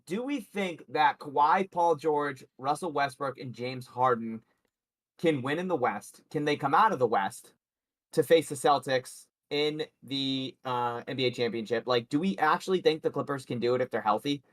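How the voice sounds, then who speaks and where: A man hosting a sports betting livestream with a co-host. He talks in a loose, chatty way and swears casually. His voice sits at an ordinary mid pitch for a man. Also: normal speed, a bit bright.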